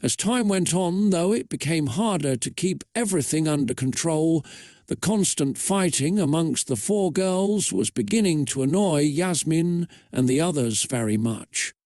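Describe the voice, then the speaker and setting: Slow, dry-voiced man reading a story. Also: fairly high pitch, animated, darkish tone, no room sound. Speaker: narrator. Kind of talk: reading a fan story aloud.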